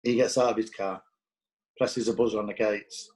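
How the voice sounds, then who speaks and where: A man's voice: on the low side, fairly even intonation, normal speed, a little mellow, poor audio. A man, a former footballer appearing as a guest, telling stories in a blunt, profane way and acting out quoted dialogue. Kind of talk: casual anecdotal storytelling.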